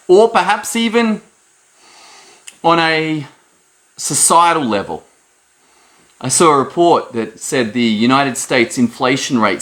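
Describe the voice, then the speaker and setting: Animated man giving a pep talk. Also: takes it slowly, pauses often. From Australia. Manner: animated, jumps high in pitch for emphasis. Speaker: host. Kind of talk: motivational talk to camera.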